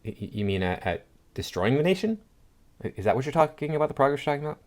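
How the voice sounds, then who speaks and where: A man of medium pitch hosts a commentary show. He reads posts aloud and answers each one in a dry, scoffing, sarcastic tone. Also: big pitch swings, very fast. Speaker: political commentary host. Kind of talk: reading and reacting to posts.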